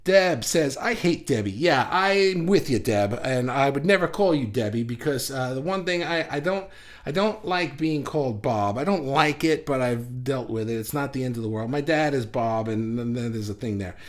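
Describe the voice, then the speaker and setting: A man's voice: mid-range voice, normal speed. A man hosting a casual livestream, chatting in a rambling way and reading viewer comments aloud. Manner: rambling and chatty, with frequent restarts. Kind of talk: casual live chat.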